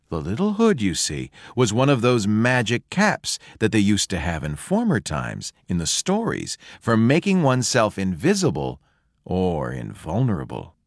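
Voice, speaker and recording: A man reading a fairy tale aloud in a slow, expressive storytelling manner. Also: medium pitch, dry recording, clean studio sound.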